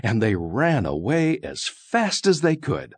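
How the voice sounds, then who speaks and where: A man reading a children's story aloud in a slow, expressive, sing-song way. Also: mid-range voice, husky, no room sound.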